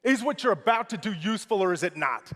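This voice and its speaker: A man who is a motivational speaker, giving an energetic, emphatic keynote speech in a large conference room. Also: sits high, fast talker. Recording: echoey large hall.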